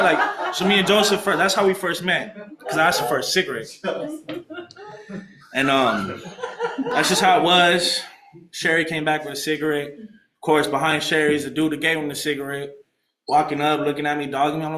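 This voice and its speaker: A young man shares his recovery story in a meeting room, animated and full of street slang. He acts out the people he quotes. His voice sits a little high and rings off the walls of an echoey room. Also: brisk, slight background noise. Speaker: alumni speaker sharing recovery story. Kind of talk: casual storytelling to a group.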